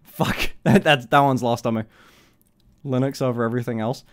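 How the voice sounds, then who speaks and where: A man's voice: steady tone, moderate pace. A young man hosting a live stream, chatting in a rambling, giggly way and swearing often. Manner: rambling, swearing, giggly, high-pitched laughs. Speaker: livestream host. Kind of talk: casual live-stream chat.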